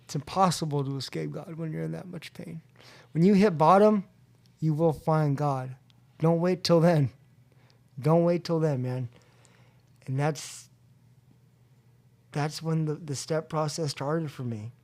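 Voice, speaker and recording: Animated man telling a personal story. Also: measured pace, gravelly, pauses often. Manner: animated, acts out quotes with rising pitch and loudness; drops to a quiet, low voice when reflective. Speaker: podcast guest. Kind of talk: storytelling in a recovery podcast interview. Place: room at a convention.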